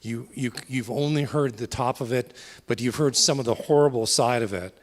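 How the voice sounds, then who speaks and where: A man's voice: mid-range voice, moderate pace. A man organizing a town hall, speaking earnestly to the audience and asking them questions. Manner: earnest, asks the crowd questions. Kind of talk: addressing the audience. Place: town hall meeting room. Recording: reverberant hall, faint crowd behind.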